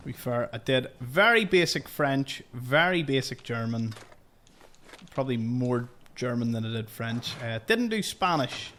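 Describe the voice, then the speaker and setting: A man's voice: mid-range voice, expressive, a little slow, fairly bright tone, slight background noise. A man giving chatty, joking let's-play commentary. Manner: chatty and jokey. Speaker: gaming youtuber.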